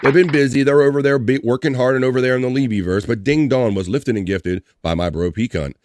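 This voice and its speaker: A man hosting a casual live stream, reading out viewer comments with upbeat shout-outs. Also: mid-range voice, brisk, very noisy.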